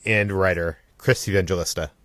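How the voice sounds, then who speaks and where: A man hosting a casual podcast, talking in a relaxed, conversational way with plenty of fillers. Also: low-pitched, moderate pace, dry recording, clean studio sound. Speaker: podcast host.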